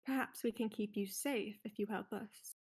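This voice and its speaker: A woman playing a tabletop game, questioning a prisoner calmly and with quiet threats. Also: mid-range voice, normal speed, slightly rough. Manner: calm, threatening interrogation. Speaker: player. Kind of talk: in-character tabletop role-play.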